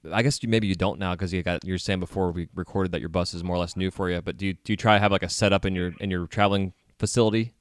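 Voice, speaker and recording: A man hosts a casual podcast interview, easygoing and quick to chime in with agreement. His voice is low and smooth, and he talks at a fast clip. The sound is dry and close. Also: steady tone, no echo. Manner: easygoing, laughs along, quick affirmations. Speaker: podcast host.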